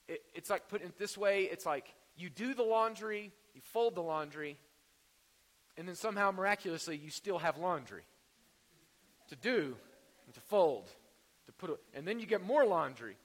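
Man, pastor, sermon, high voice, conversational and jokey, long hall reverb. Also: animated, moderate pace, fairly bright tone. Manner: conversational preaching with jokes and rhetorical questions.

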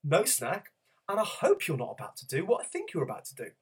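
Guy quoting a firm calm mum, a bit husky, low-key. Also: a little fast, heavily acted. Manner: firm, level. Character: calm firm mother refusing snacks.

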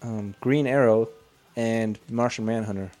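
A man's voice: fairly low pitch, steady tone, measured pace, darkish tone. A man co-hosting a casual podcast, riffing goofily with slang and silly bits. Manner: goofy, riffs with silly voices and slang. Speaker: podcast co-host.

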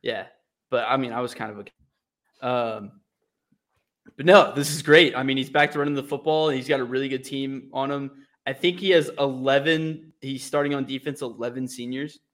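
A man's voice: medium pitch, fairly even intonation, normal speed, fairly bright tone. A young man co-hosting a casual sports podcast, laid-back and agreeable, joking along.

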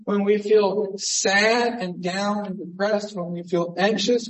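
A pastor with a high voice preaches a sermon in a church sanctuary, earnest and conversational, posing rhetorical questions. He is recorded from far off, and the hall sounds echoey.

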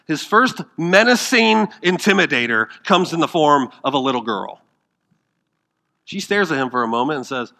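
Man, pastor, sermon, fairly high voice, dramatic loud-to-hushed swings, asks the congregation questions. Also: sing-song, moderate pace. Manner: asks the congregation questions and acts out quoted lines.

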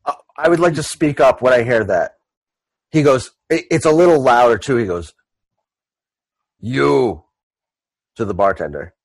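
A man's voice: mid-range voice, very animated, fairly quick, no echo, poor audio. Chatty man playing a tabletop game. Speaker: player. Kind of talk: casual tabletop role-play.

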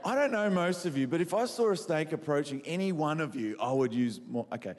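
Animated Australian preacher in an echoey hall. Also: male voice, on the high side, brisk. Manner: animated, quizzes the crowd, self-mocking. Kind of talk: humorous sermon storytelling.

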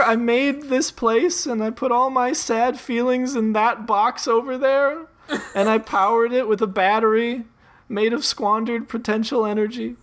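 A man voicing an angry, self-pitying tree blob monster who was once an accountant, shrieking and sobbing in a high voice. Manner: shrill, screaming and sobbing, whiny.

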